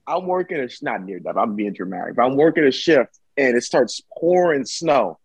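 A man telling a story in casual chat, dramatic and animated, acting out what people said. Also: mid-range voice, fairly quick, husky, no echo, poor audio. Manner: animated, dramatic retelling with acted-out quotes. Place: Michigan.

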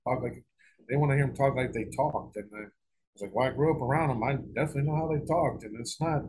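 A man's voice: mid-range voice, fast, darkish tone, a little hiss or hum, low-quality recording. A middle-aged man telling a long story in a casual interview, rambling and profane, with frequent restarts and repeated words. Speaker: guest author.

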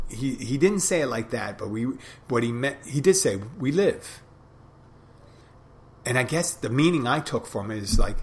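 A man hosting a podcast, talking alone in a reflective, rambling way with frequent restarts. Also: medium pitch. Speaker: podcast host. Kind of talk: casual monologue.

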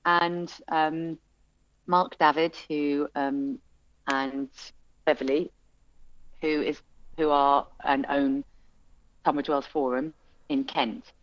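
A woman's voice: sits low, slow pace, long pauses, no room sound, dull audio. A woman who runs a music venue, telling her story in an interview with lots of fillers and restarts. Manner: chatty, animated storytelling with many fillers and restarts. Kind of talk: interview conversation.

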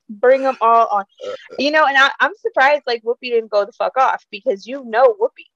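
A woman's voice: sits high, moderate pace, no room sound, highs cut off. A woman co-hosting a podcast, chatting casually about celebrity gossip with lots of swearing and laughter. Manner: profane, animated, laughs a lot. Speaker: podcast co-host.

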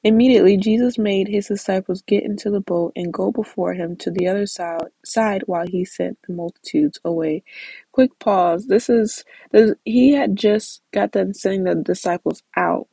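Woman, casual bible teaching, gravelly voice, mellow tone. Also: medium pitch, fairly even intonation, moderate pace, no echo, rough recording. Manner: conversational, with frequent "like" and small restarts. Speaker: Bible study leader.

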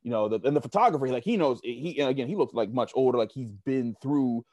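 A man's voice: medium pitch, lively intonation, quick pace, darkish tone, no room sound. A man guest in a casual interview, telling stories at length with many restarts and fillers. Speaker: sports media guest.

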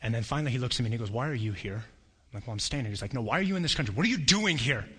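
A man preaching a sermon, telling a personal story with animated storytelling and acting out voices. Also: medium pitch, very fast, husky. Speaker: pastor.

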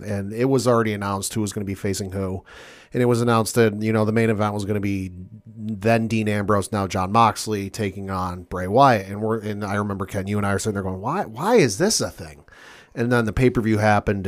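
An American man co-hosting a wrestling podcast, speaking in a reflective, measured way. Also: fairly low pitch. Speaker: podcast co-host. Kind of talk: casual podcast chat.

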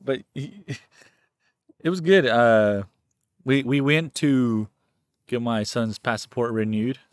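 A man talks easily through a story on a casual podcast, relaxed and quick to laugh. His voice is mid-pitched. The recording is dry and close to the mic. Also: dry recording. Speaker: podcast co-host. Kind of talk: casual chat.

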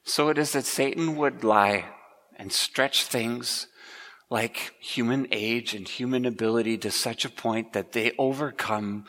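A man's voice: on the low side, fairly bright tone. A man preaching a sermon as pastor, earnest and emphatic, in a church. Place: church sanctuary. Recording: long church reverb.

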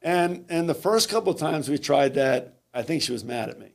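A man, a swim coach, telling stories in an interview, halting and repeating words as he goes. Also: fairly high pitch, expressive, vocal fry. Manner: halting, repeats words, acts out quoted lines. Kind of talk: conversational interview storytelling.

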